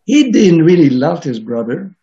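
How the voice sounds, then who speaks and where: A man's voice: a little high, very animated, moderate pace, mellow. A man preaching a sermon, reading scripture aloud and explaining it in an earnest way with frequent restarts. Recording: dull lo-fi recording.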